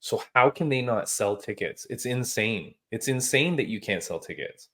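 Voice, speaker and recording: A man hosting a casual podcast chat, telling stories in an animated, emphatic way with casual slang. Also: mid-range voice, normal speed. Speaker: podcast host.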